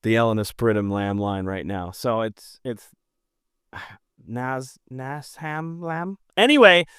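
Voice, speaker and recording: A man's voice: on the low side, takes it slowly, clean tone, no room sound, studio quality. A man co-hosting a podcast, chatting casually and jokingly about hockey games in long runs. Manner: animated, jokey, talks in long runs. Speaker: podcast co-host. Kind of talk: casual sports chat.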